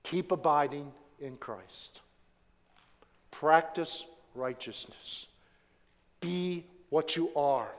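A man's voice: on the high side, takes it slowly. A man preaching a sermon as a pastor, emphatic, repeating key phrases and asking the congregation to answer his questions. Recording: long reverb from a large hall.

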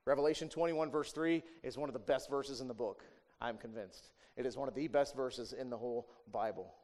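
A man preaching a sermon in a conversational way, asking rhetorical questions and tagging lines with "right?", swinging between emphatic raised passages and quiet asides. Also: mid-range voice, a little fast. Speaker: pastor.

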